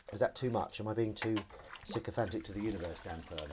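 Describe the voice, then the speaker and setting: A man's voice: on the low side, quick pace, noisy background. A middle-aged man, chatting casually on a live stream while washing up, reading comments aloud and laughing along. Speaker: live stream host and actor.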